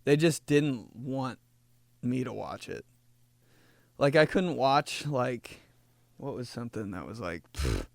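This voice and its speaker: A man's voice: medium pitch, sing-song, slow, gravelly, pauses often, dry recording. A young man hosting a comedy podcast, rambling through stories with frequent laughs. His voice swings widely up and down as he jokes. The recording is close and dry, with no room sound. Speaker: podcast host. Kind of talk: casual comedy podcast chat.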